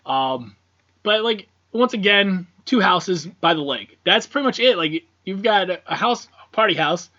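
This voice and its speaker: A man's voice: high voice, expressive, measured pace, pushed and bright. A man co-hosting a casual horror film podcast, who rambles with lots of fillers and swears freely. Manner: rambling, profane, many fillers. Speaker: podcast co-host. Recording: dull lo-fi podcast audio.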